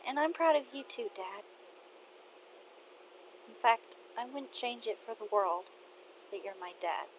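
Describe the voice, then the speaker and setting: Woman putting on a high-voiced earnest young girl. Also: lively intonation, unhurried, slight background noise, poor audio. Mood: heartfelt.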